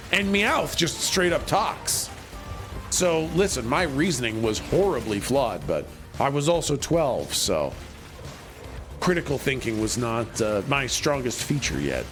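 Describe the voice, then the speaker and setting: A man's voice: mid-range voice, takes it slowly, over music. A man in his thirties chatting casually while he plays a game on stream, rambling and joking. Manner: animated, rambling, jokey.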